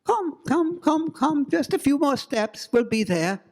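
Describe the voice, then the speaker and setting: A man voicing an eerie, insistent woman visitor with a put-on Middle European accent, beckoning slowly. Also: very high voice, sing-song, vocal fry, voice pushed up, heavily acted. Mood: coaxing.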